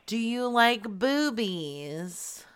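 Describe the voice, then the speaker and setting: A woman's voice: fairly high pitch, lively intonation, very slow, noisy background. A woman streamer in casual chat, crude, profane and giggly.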